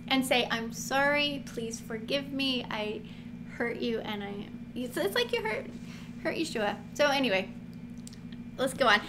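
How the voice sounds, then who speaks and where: Brief: woman Bible teacher with a high voice, lively and chatty, noisy recording. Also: measured pace. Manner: chatty, animated, laughs often, acts out quotes. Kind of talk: casual Bible teaching to camera. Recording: noticeable background noise.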